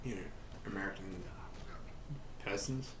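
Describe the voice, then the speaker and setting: A young man chatting casually over a let's play, telling stories in a rambling, animated way. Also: low-pitched, measured pace, slight background noise. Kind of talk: casual gaming chat. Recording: echoey room.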